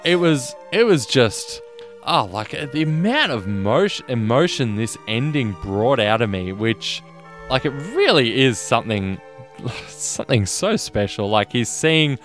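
A man co-hosting a podcast, talking about a film in an earnest, halting way with many restarts. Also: mid-range voice, sing-song, fairly bright tone, soft background music. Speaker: podcast co-host. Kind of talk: casual film discussion.

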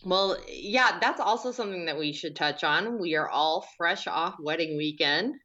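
Bright young woman teasing on a podcast. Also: on the low side, animated, dull audio. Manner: teasing, quick questions. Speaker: podcast co-host. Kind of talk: casual chat.

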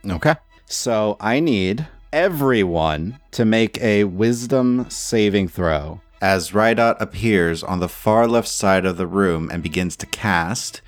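A man narrating as game master of a tabletop role-playing game, with an animated delivery. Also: lowish voice, slow, no echo, faint music behind.

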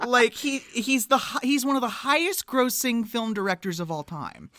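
Bright-voiced woman podcast co-host. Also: on the high side, moderate pace, no room sound. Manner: playful, laughs a lot, rattles off lists. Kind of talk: casual chat.

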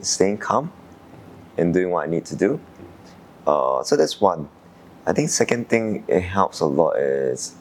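A young man from Singapore, an Olympic sailor, calmly recalling his qualifying race in an interview, thoughtful with frequent fillers. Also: extremely low pitch, a little hiss or hum. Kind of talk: reflective interview answers.

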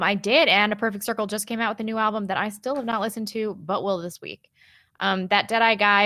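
A woman co-hosting a live call-in show, blunt and quick to laugh, swearing casually. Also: mid-range voice, steady tone, sharp tone, no room sound, clean studio sound. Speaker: co-host.

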